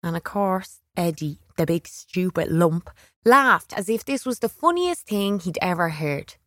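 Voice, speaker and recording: A woman reads a first-person children's story aloud, wry and expressive. Her voice sits on the low side. The studio recording is dry and close to the mic. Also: a little slow, no room sound. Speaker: audiobook reader.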